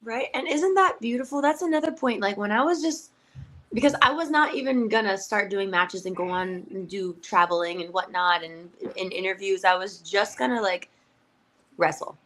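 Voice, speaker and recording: In a relaxed interview, a young adult woman pro wrestler speaks at a moderate pace in a mid-range voice. She is animated, laughs frequently, and fills her talk with fillers.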